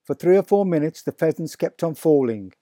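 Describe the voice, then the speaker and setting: A man narrating a children's story aloud in a vivid, expressive reading. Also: fairly high pitch, dry recording, studio quality. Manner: slow, deliberate, vivid storytelling. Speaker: audiobook narrator.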